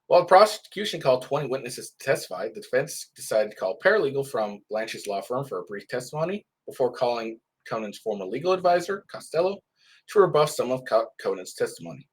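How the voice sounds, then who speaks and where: Stuffy guy riffing on news updates, husky voice, swings up and down a lot. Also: medium pitch, animated, quick pace. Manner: rambling, many restarts. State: stuffy nose. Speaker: commentator. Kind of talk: casual commentary on live updates.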